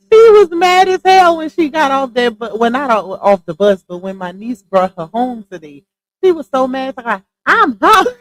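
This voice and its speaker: A woman's voice: high voice, animated, moderate pace, darkish tone, poor audio. A woman hosting a casual livestream, chatty and slangy, greeting viewers one by one and laughing easily. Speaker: livestream host.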